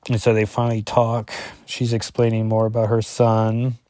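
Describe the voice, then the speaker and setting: A man's voice: lowish voice, monotone, normal speed, warm tone, a little hiss or hum. Rambling man reviewing a comic. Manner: rambling, self-correcting, full of fillers. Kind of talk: casual commentary reading through a comic.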